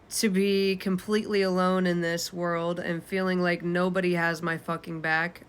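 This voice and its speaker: A woman's voice: lowish voice, fairly bright tone, smooth. A woman in her twenties reading her own journal aloud, candid and unfiltered, swearing casually. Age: 20s. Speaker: vlogger.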